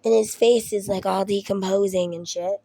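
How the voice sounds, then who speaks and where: A woman's voice: medium pitch, steady tone, normal speed, vocal fry, warm tone. A woman in her thirties with a Southern US accent, chatting casually at home as a mom vlogger, rambling and swearing through her stories. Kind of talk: casual storytelling chat.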